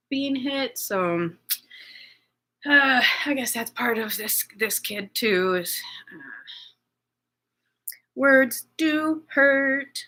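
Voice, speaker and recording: A bright, forceful woman's voice, talking haltingly in a personal video journal with lots of fillers and restarts. She sounds shaken and anxious. She is middle-aged. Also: medium pitch. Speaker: vlogger.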